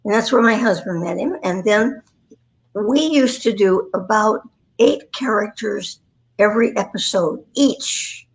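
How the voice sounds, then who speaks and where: Heard over a rough livestream connection, this nonagenarian voice actress speaks in a mid-range voice at a slightly slow pace. She's a guest in a storytelling interview, wandering through self-mocking anecdotes from her working life.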